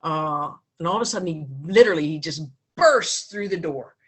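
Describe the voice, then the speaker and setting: A woman in her fifties giving a heartfelt speech at a club meeting, telling a personal story with pauses and restarts. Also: deep voice, expressive, fairly bright tone, husky. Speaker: foundation speaker at a club meeting.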